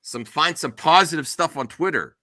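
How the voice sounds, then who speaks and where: A middle-aged man hosting a casual podcast chat. He tells stories animatedly and slips into high squeals when mimicking others. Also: moderate pace, bright, forceful tone, no room sound. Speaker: show host.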